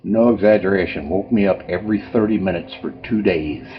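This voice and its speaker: Brief: a very low-voiced older home cook, folksy and rambling, on a dull lo-fi recording. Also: male voice, fairly quick, hardly any pauses. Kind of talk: casual cooking vlog. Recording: dull lo-fi home video with faint music.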